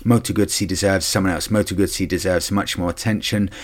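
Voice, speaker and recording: A man's voice: deep voice, steady tone, brisk. An English man hosting a casual solo podcast, chatty and rambling, with emphatic asides and lots of fillers. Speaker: podcast host.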